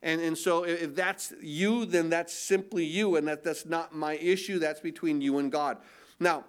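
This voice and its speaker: A man's voice: fairly high pitch, fairly even intonation, moderate pace, clear, resonant tone. An older man preaching a sermon as pastor, in a conversational style that stumbles and repeats words, sometimes breaking into mock-incredulous voices for emphasis. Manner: conversational preaching with repetitions and restarts.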